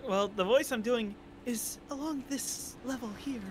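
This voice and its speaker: A man's voice: very high-pitched, unhurried, a crowd in the background. A man chatting casually while playing, his voice run through a voice changer. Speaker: player. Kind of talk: casual gaming chat.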